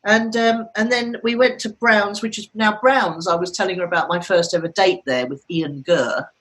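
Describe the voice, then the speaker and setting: A woman's voice: mid-range voice, steady tone, moderate pace, fairly bright tone, poor audio. A woman in her fifties co-hosting a podcast, telling long chatty stories and laughing often. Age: 50s. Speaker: podcast co-host. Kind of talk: casual chat.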